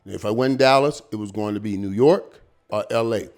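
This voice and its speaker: A man in his fifties, a guest on an interview show, telling stories in a casual, animated and slangy way, repeating words and acting out what others said. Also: on the low side, brisk. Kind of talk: casual storytelling.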